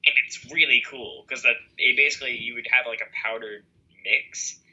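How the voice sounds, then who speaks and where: A man's voice: mid-range voice, fairly even intonation, moderate pace, bright, forceful tone, slightly rough, highs cut off. A young man co-hosting a podcast over a video call, chatting casually and rambling with lots of fillers and restarts. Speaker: podcast co-host. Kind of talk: casual chat.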